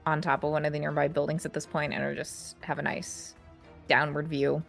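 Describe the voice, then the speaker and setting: A woman narrating as game master of a tabletop game, relaxed with many fillers. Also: low-pitched, normal speed, creaky. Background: faint music.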